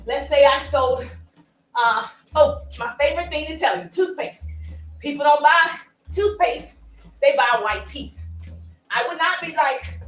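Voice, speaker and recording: A woman coaching on social media marketing, talking playfully and with emphasis as she walks along. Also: high voice. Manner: animated, playful and emphatic, with asides and laughs. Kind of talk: energetic coaching talk to camera. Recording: roomy sound, voice from a distance.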